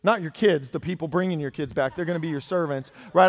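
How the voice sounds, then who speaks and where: A man preaching a sermon, reading scripture aloud and then talking to his congregation in an animated way, swinging between loud passages and soft ones. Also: fairly high pitch, quick pace, few pauses. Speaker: pastor.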